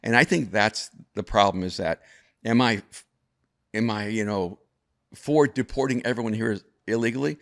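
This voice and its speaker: Brief: older male guest, low voice, thoughtful storyteller who restarts his sentences. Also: normal speed. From El Salvador. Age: over 50. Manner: reflective, frequent restarts and repeated words. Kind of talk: conversational storytelling.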